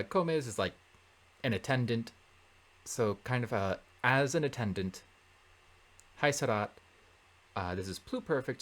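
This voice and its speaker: A man working through a Latin translation in a relaxed lesson, thinking aloud with many fillers and self-corrections. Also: lowish voice. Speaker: Latin tutor. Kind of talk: casual translation walkthrough.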